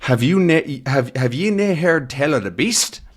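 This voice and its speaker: A man's voice: a little high, expressive, voice pushed up. A man doing a cackling old Scottish villager. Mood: ominous. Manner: thick brogue, cackling, attempted and halting. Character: old male Scottish villager in a pub, ominous.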